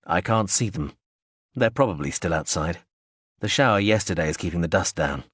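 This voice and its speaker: A male narrator voicing a composed young soldier who speaks calmly and drily in an audiobook. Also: deep voice, normal speed, breathy edge, no echo, clean studio sound, full character voice. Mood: dry calm. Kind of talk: audiobook character voice.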